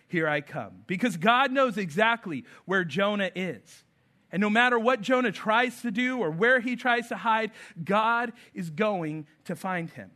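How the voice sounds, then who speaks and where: A man in his thirties preaching a sermon, telling stories with lively acted-out voices. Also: sits high. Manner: storytelling, animated, acts out voices. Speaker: pastor.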